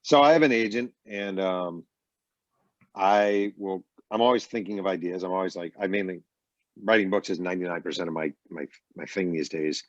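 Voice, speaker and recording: A man's voice: low voice, normal speed, dry recording. A middle-aged man, a best-selling author, telling stories casually in an interview over a video call from his bedroom. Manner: animated anecdotes with acted quotes. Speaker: author guest. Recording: dull lo-fi call audio.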